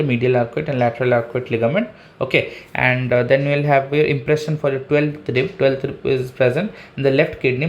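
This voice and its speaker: A man's voice: medium pitch, muffled recording. Indian man teaching anatomy with a diagram. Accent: Indian English. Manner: explains step by step with frequent "okay" and "uh"; points at a diagram while explaining. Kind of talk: online medical lecture.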